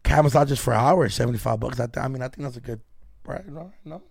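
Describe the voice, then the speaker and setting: A man's voice: mid-range voice, fast talker, gravelly, darkish tone, husky, no room sound, clean studio sound. A man co-hosting a podcast, chiming in with eager, agreeable slang-filled banter. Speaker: podcast co-host. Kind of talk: casual podcast chat.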